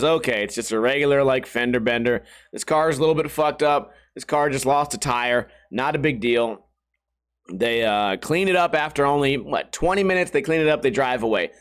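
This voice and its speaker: A slightly higher-pitched man with a sore throat, hosting his own podcast from home. He rambles through stories in loose, swearing casual chat. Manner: rambling, profane storytelling. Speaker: podcast host. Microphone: camera, sitting at a desk.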